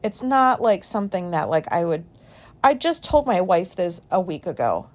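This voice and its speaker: A woman in her forties, hosting a podcast and talking through an embarrassing memory in a candid, rambling way, self-conscious and quick to swear. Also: fairly low pitch, very animated. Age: 40s. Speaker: podcast host. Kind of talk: candid personal monologue.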